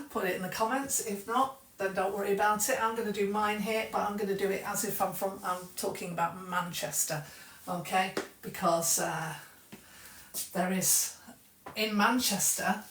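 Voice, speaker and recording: A woman with a Southern English accent teaching an exam practice lesson, explaining clearly and patiently. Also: medium pitch, moderate pace, a bit bright, far from the mic, slight background noise. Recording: echoey room, voice a bit off-mic.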